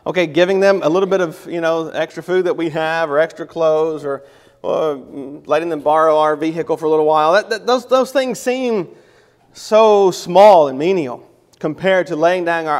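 High-voiced man teaching scripture in a hall. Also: normal speed. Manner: reads scripture then explains it, with restarts and self-corrections. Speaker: Bible teacher. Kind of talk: Bible lesson.

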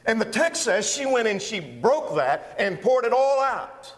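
A man preaching an expository sermon, walking through verses with emphatic, animated delivery. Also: very high voice, measured pace, big-room sound. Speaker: pastor.

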